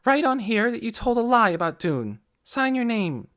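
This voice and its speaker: A man's voice: very high-pitched, big pitch swings, normal speed, fairly bright tone, pitched above the performer's own voice, exaggerated voice. A man voicing an earnest, determined young girl who presses hard with her questions. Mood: insistent.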